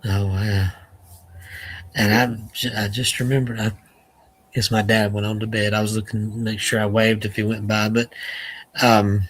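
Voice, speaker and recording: A man hosting a casual conversation, recounting personal memories in a reflective, unhurried way. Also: on the low side, level tone, a bit bright, low-quality recording.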